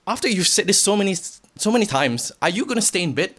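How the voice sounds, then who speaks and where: A young man giving a blunt, profane motivational rant to the camera, swinging from quiet to shouting. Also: sits high, sing-song, fast talker. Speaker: vlogger.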